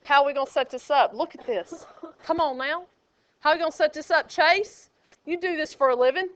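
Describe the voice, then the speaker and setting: High, bright, teasing woman teacher. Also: a little fast. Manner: sassy, teasing and lively with students. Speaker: math teacher. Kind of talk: classroom teaching. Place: classroom. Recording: dull lo-fi classroom recording.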